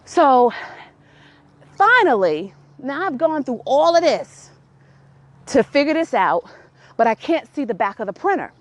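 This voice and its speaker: A young adult woman hosting a podcast, telling a story casually in an animated, exasperated way and laughing often. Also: high-pitched, measured pace, long pauses. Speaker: podcast host.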